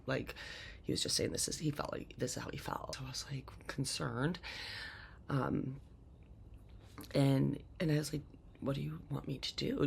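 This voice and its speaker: A woman's voice: low-pitched, vocal fry, slight background noise. A woman casually telling her own life story, rambling with many fillers and restarts.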